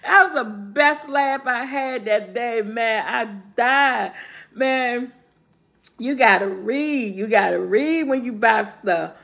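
A woman vlogger, casually telling viewers a funny story, animated and laughing often. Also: slow pace, vocal fry. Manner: animated, laughing often, rising into high squeals when quoting.

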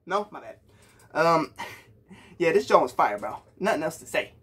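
A man's voice: a little high, very animated, normal speed, pauses often, a bit bright, husky. A young man from Puerto Rico giving a hyped, slangy reaction to a song for his viewers, calling them bro. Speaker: music reaction youtuber. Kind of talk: casual music reaction talk.

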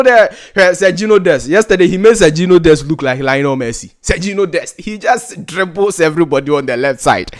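Ghanaian man, football pundit, exasperated, repetitive, lively pitch. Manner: exasperated, repetitive, laughs in disbelief. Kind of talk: ranting football commentary.

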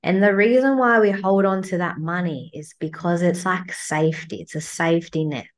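A woman's voice: lowish voice, moderate pace. A woman, a guest coach, talking bluntly and swearing freely as she acts out her inner voice in a casual chat.

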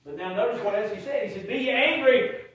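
Preacher guy, high voice, folksy, way echoey far-off church sound. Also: very fast, dull audio. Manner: folksy, builds to shouted emphasis. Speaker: pastor. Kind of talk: sermon. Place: church sanctuary.

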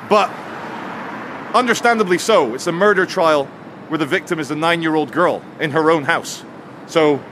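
A man tells a story to his camera in a chatty, joking way as he walks a city street. His voice sits a touch high. Faint traffic and street noise hum behind him. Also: a bit bright. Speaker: vlogger. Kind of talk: walking vlog to camera.

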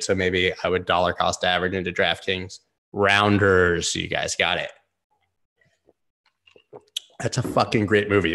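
A man with a low, gravelly voice that has a bright edge hosts a casual live stream of chart analysis. He talks loosely and rambles, with lots of "like" and easy swearing. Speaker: host.

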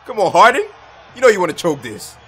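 A man giving excited live commentary over his own basketball video game, shouting at big plays. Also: high voice, quick pace. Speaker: gaming YouTuber.

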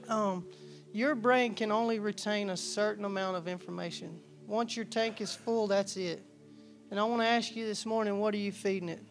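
A man preaching a conversational sermon, telling personal stories in a loose, folksy way and often restarting his sentences. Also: sits high. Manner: folksy, storytelling, acts out quoted dialogue; casual, loose, frequent restarts and asides. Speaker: church staff preacher.

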